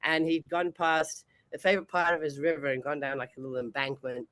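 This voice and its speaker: A woman's voice: low voice, level tone, fairly quick, a bit bright, no room sound. A woman, chatting as an interview guest and laughing often between sentences. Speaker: bodybuilding competitor and guest. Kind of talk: casual interview chat.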